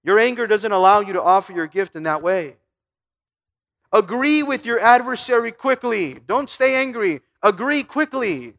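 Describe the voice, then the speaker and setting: With a high, lively voice at a moderate pace and a fairly bright tone, this preacher reads scripture aloud and puts questions to his congregation. His delivery is forceful, full of emphatic repeats, though he often trips over words and starts again.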